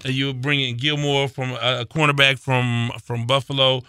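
A man's voice: mid-range voice, flat delivery, normal speed, sharp tone, clean tone, no echo, clean studio sound. A man hosting a sports talk chat, giving opinions with lots of uhs as he thinks aloud.

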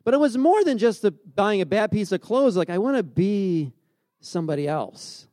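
A pastor in his forties who grew up by the beach gives a sermon in a conversational, storytelling way, often restarting his sentences. His high voice has big pitch swings, a moderate pace, and a dark tone. The recording is clean studio sound with no room sound.

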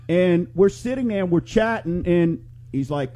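A man's voice: high voice, animated, a little slow, warm tone. A middle-aged man hosting a live talk radio show, chatting and telling rambling stories to listeners. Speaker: radio show host and mortgage lender.

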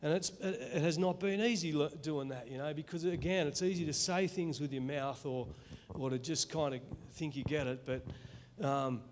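A middle-aged Australian man giving an earnest, emotional spoken testimony in church, halting and restarting as he speaks. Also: a little high, slight background noise.

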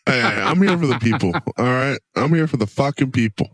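A man's voice: lively intonation, brisk, a bit bright, no echo. Wheezy, ranting man with glitchy robotic voice. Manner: crude, grumbling, ranting, profane. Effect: glitchy low robotic voice from computer. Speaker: podcast co-host. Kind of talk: casual sports chat. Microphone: headset mic on an online call.

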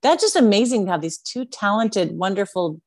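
A woman's voice: medium pitch, lively intonation, normal speed, no room sound, clean studio sound. A woman interviewing a guest, reacting with enthusiasm and asking follow-up questions. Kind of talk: conversational interview.

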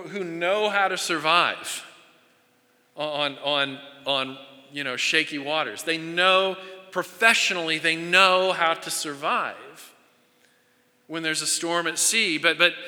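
A man's voice: fairly high pitch, bright, forceful tone. Earnest preaching man in a reverberant hall. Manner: earnest preaching with frequent repetitions and restarts. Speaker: pastor. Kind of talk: sermon.

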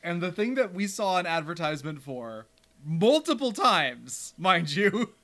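A young man co-hosting a podcast in casual banter, rambling wryly, laughing often and trailing off into lower mutters. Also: very animated, measured pace, a bit bright. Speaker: podcast co-host.

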